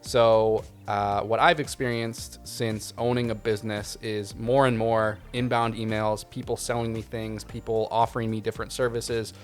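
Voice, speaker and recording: Relaxed man hosting a video Q&A. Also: lowish voice, moderate pace, hardly any pauses, soft background music. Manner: relaxed, conversational, frequent fillers. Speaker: video production channel host. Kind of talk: casual Q&A advice talk.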